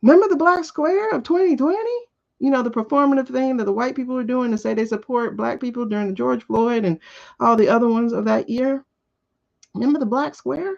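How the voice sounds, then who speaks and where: A woman hosting a live tarot stream talks bluntly and with profanity, hammering home her points with repeated rhetorical questions. Her voice sits a little high, with a gravelly edge and wide swings in pitch. The audio is dull and lo-fi. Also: brisk, a little mellow. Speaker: host of a live tarot show. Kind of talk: casual opinionated talk on a livestream.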